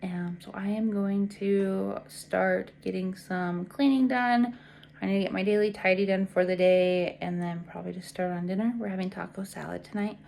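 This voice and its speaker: A woman's voice: medium pitch, steady tone, normal speed, gravelly. A woman in her twenties, a teacher, talking frankly to the camera in a personal vlog, tired and venting with lots of fillers. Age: 20s. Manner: frank, weary and venting, with frequent fillers and soft trailing words. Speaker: teacher vlogger.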